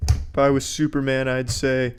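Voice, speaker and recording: A man's voice: medium pitch, flat delivery, clear, resonant tone, natural voice. A man hamming up a drunk, bombastic mukbang host. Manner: bombastic, slow, hammy announcing. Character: over-the-top drunk male mukbang host.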